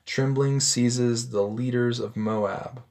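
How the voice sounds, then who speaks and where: A man reading a Bible passage aloud and stopping to explain it in a relaxed, conversational way, with frequent ums and self-corrections. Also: medium pitch, takes it slowly, gravelly. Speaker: Bible teacher. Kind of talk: scripture reading with commentary.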